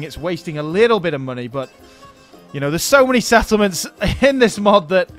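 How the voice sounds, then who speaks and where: A man's voice: sits high, a bit bright. Chatty man thinking aloud over a game. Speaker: let's play host. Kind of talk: casual strategy game commentary.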